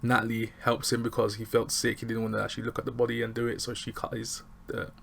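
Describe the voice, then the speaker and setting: A man with casually recapping a TV episode, animated and chatty, acting out lines from scenes. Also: medium pitch, fast, gravelly, slight background noise. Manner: animated, chatty, acts out quotes. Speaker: TV show reviewer.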